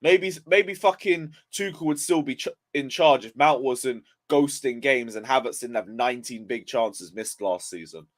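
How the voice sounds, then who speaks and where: A man's voice: medium pitch, normal speed, few pauses. A young man ranting on a casual football live stream, just woken up and yawning, swearing in frustration as he reads chat aloud. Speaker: football livestreamer.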